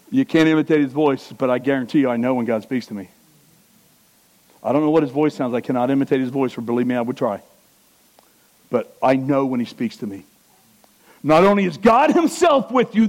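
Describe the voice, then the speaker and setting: A man preaching a sermon who swings from loud, high exclamations to quiet, low earnestness and puts questions to the congregation. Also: animated, moderate pace, poor audio.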